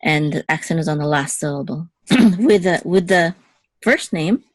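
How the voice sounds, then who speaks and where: Low-voiced woman teaching Hebrew patiently. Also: normal speed, no echo. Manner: patient, checks in with okay. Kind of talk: one-on-one language lesson.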